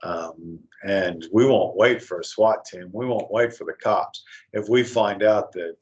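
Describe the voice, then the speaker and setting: A man's voice: on the low side, unhurried, highs cut off. A man giving an earnest warning talk, with frequent filler words and hesitations. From West Texas. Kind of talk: lecture-style talk.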